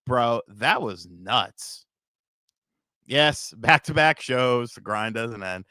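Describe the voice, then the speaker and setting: A man with a medium-pitched, lively, sharp-toned voice speaks slowly, recorded cleanly in a studio with no echo. He's hosting a podcast livestream, rambling casually, swearing, reading donations, and laughing at his own bits. He's tired after a short night's sleep.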